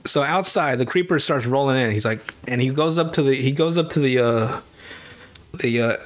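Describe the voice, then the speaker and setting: A man's voice: mid-range voice, normal speed, slight background noise. A man hosting a podcast, casually recapping a cartoon with a lot of swearing and laughter. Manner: profane, laughing storyteller who recaps cartoons; animated, jumps into silly character voices. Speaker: podcast host. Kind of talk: casual chat.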